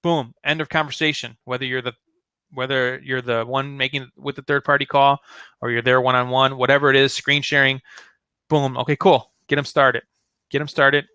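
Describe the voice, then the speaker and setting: A man's voice: medium pitch, little pitch movement, moderate pace, bright, forceful tone, smooth, no room sound. A man giving a casual sales training talk, chatty and full of fillers, acting out sample phone lines. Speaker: network marketing trainer.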